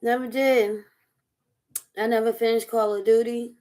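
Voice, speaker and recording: A woman chatting casually over dinner as a vlog host, animated, laughing often and riffing through asides. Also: a little high, a little slow. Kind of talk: casual chat while eating dinner.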